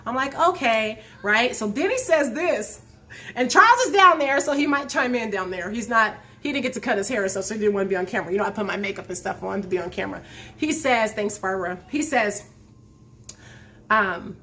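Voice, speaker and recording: A woman in her forties hosting a live talk show, telling a personal story to her viewers in an animated way and laughing as she goes. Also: medium pitch, normal speed, a little hiss or hum. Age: 40s. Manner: speaks straight to her viewers. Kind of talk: casual storytelling to a live chat.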